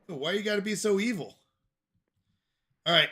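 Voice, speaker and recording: An American man chats casually on a gaming livestream, drifting from topic to topic as he replies to viewers. His voice sits high and sounds bright and forceful. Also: normal speed. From United States. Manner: rambling, answers chat questions aloud. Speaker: streamer.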